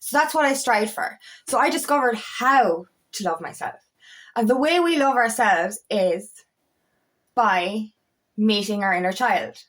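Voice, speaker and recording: A woman's voice: lively intonation, measured pace. A woman coach talking through self-love in a casual, heartfelt monologue, swearing freely and repeating words as she searches for them. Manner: swings between high fervent peaks and low quiet asides.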